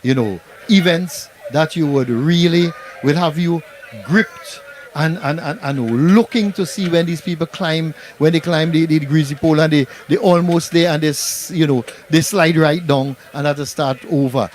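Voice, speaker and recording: A man talks through a community sports day, rambling and chatty with plenty of fillers. His voice sits a little high. He is seated outdoors at the ground. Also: moderate pace. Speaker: event host. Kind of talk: live event commentary.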